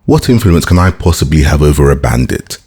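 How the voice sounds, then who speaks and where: A man reading an audiobook, voicing a grave, mysterious nobleman who speaks in a measured, commanding way. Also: rumbling low, big pitch swings, darkish tone, husky, full character voice. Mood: cool.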